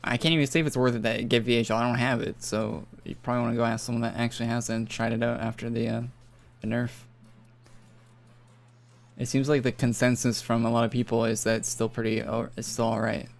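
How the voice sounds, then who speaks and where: Talking fast in a level, mid-range voice with vocal fry, a young man from northern Alberta, Canada, rambles and casually swears while chatting on his gaming stream. Faint music runs behind the recording.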